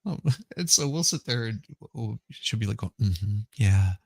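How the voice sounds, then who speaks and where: A man in a relaxed live chat, speaking at an ordinary middle pitch and rambling through stories with restarts. His voice sounds dry and close to the mic. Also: moderate pace, vocal fry, no echo. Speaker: guest streamer.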